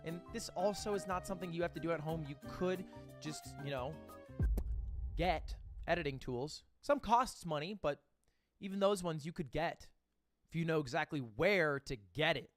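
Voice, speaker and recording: Upbeat high-voiced man vlogging. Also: soft background music. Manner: upbeat, fast, confident, self-deprecating. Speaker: YouTuber. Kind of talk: vlog narration.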